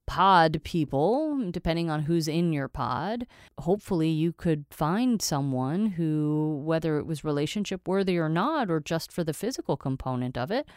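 A middle-aged woman talks on her own show with a smooth, clean voice that sits a little low. She is candid and playful, chatting freely and wandering into asides. The sound is close and dry, with no room around it. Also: darkish tone, no echo. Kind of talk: casual solo monologue.

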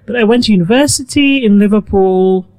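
A middle-aged woman from Nigeria, a guest telling her life story in a relaxed, reflective way. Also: medium pitch, brisk. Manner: reflective, animated with quoted asides. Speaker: guest, food blogger. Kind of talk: conversational storytelling.

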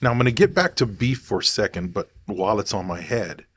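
A man's voice: on the low side, lively intonation, fairly quick, a bit bright, slight background noise. A man talking casually to camera in a rambling, digressive way, thinking aloud as he goes. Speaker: vlogger.

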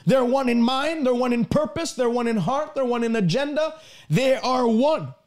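High-voiced man preaching a sermon. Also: a little mellow. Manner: emphatic, reads scripture aloud with slow stresses.

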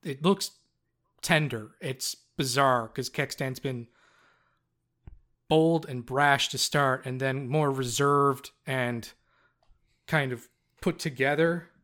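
A man with a Newfoundland accent narrating a tabletop game as game master, in a relaxed way with many fillers. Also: medium pitch, slow pace, pauses often.

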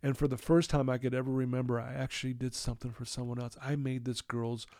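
A man's voice: mid-range voice, little pitch movement, fast, darkish tone, no room sound, studio quality. Earnest man telling his recovery story. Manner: candid, emotional storyteller. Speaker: addiction recovery counselor, guest. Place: his office.

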